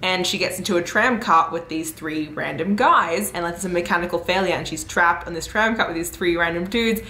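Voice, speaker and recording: A young woman vlogging casual book reviews in a chatty, animated way, full of fillers and laughs. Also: fairly low pitch, fairly quick, echoey room.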